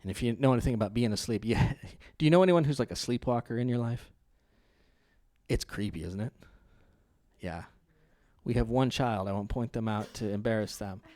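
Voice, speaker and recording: A young adult man pastor preaching a sermon in a conversational, storytelling way, laughing often and growing loud and animated in his stories. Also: medium pitch, moderate pace, pauses often, dry recording, studio quality. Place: church.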